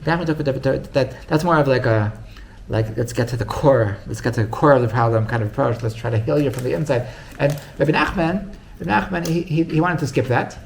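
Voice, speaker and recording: A man's voice: mid-range voice, fairly quick, creaky, hardly any pauses, a little hiss or hum. A man, a rabbi, telling a story in a casual, rambling way with many restarts. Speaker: rabbi teaching.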